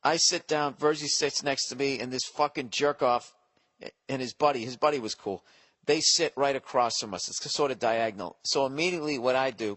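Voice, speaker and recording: A man's voice: fairly low pitch, a bit bright. A man hosting a podcast, telling a comic story in a rambling, profane, exasperated way. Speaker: podcast host. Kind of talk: comedic storytelling monologue.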